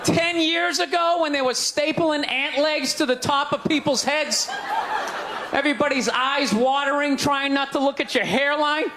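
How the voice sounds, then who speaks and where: A man doing a stand-up routine, ranting with incredulous questions and shouting his punchlines. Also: extremely high pitch, normal speed, background noise. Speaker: stand-up comedian. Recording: live club with crowd laughter.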